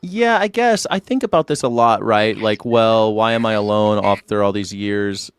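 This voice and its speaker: A man's voice: fairly low pitch, normal speed, smooth. A man hosting a casual call-in livestream, rambling and profane, boasting about himself in a joking way. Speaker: livestream host taking callers.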